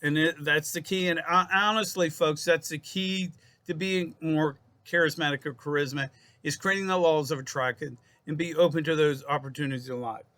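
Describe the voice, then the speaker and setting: A man with a fairly high, bright voice talks to his viewers like a psychologist giving self-help advice. He rambles and loops back over his phrases, restarts words, and calls the audience folks. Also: steady tone, moderate pace. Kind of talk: casual self-help talk to camera.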